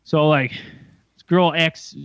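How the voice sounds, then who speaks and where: A young man co-hosting a podcast, telling a story in a lively, profane way and acting out the voices of others. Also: a little high, takes it slowly, clean tone, no room sound. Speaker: podcast co-host. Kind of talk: casual storytelling chat. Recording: muffled lo-fi sound.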